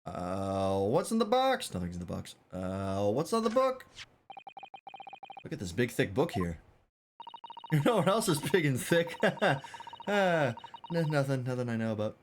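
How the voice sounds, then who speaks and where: A man's voice: medium pitch, huge pitch swings, a little slow, pauses often, a little hiss or hum. A man streaming a game, chatting casually and joking between read lines. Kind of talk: casual let's-play chat.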